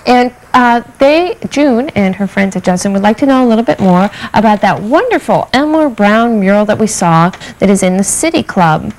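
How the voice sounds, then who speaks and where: A woman's voice: mid-range voice, animated, moderate pace, hardly any pauses, darkish tone, low-quality recording. A woman hosting a museum education program, upbeat and affirming, asking a guest questions. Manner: upbeat, affirming with frequent mm-hmms.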